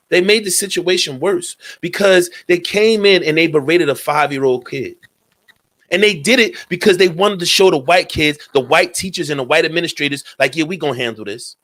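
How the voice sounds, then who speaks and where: A man's voice: fairly high pitch, fairly bright tone. A man hosting a talk radio show, speaking in a heated, profane commentary and repeating his points.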